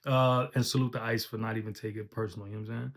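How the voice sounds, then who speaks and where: A man's voice: lowish voice, level tone, racing, gravelly. A man giving a casual recap of a battle rap match, quoting bars and reacting with short verdicts. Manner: laid-back, quotes bars then reacts with short verdicts.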